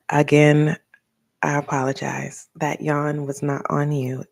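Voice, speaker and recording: An older woman, a tarot reader, chatting casually and rambling, with soft asides. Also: sits low, level tone, extremely slow, creaky, long pauses. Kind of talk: casual tarot reading talk.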